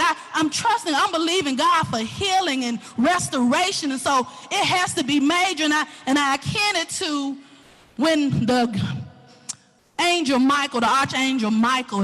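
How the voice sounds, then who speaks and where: High bright-voiced Southern woman preaching. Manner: animated, swings from hushed to shouting. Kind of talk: sermon.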